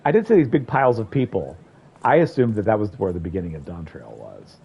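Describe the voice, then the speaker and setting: A man's voice: on the low side, very animated, fast, vocal fry, breathy edge, lo-fi sound. A man streaming a video game, chatting casually and thinking aloud as he rambles through it. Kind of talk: casual gameplay commentary.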